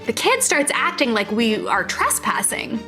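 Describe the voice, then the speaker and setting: A woman's voice: a little high, wildly swooping pitch, measured pace, bright, forceful tone, faint music behind. A woman animatedly telling a shared story with a friend, chiming in as they go. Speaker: storyteller guest, band member.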